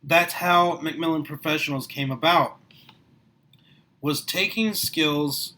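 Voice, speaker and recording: A middle-aged man giving a passionate motivational talk to the camera, his voice rising and getting louder as he gets worked up. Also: fairly high pitch, fairly even intonation, slow pace, rough recording. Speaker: small business owner recruiting for network marketing. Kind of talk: motivational vlog monologue.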